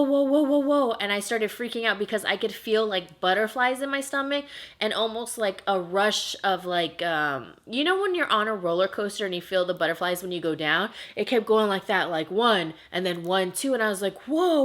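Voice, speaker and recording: Speaking straight to viewers in a mid-range, somewhat bright voice, this young vlogger recounts a paranormal encounter in a casual storytime. She's emotional and talkative, her speech full of fillers, especially "like."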